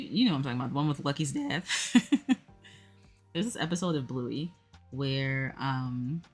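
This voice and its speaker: A woman's voice: deep voice, husky. A woman hosting a puzzle livestream, chatting casually and rambling with lots of fillers while she talks to her viewers. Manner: talks to chat while working a jigsaw.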